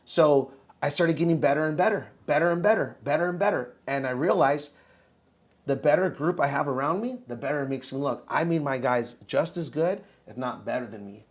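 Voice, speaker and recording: A man in his thirties tells his own story on a podcast, with a voice a little higher than most men's. He talks casually and with energy, calling the host bro as he goes. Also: fairly quick. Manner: animated, says bro a lot. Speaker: podcast guest.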